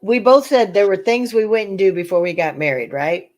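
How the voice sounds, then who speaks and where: A woman's voice: mid-range voice, moderate pace. An older woman, hosting a casual chat and telling stories with laughter. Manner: lively storytelling with laughter, acting out voices. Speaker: channel host.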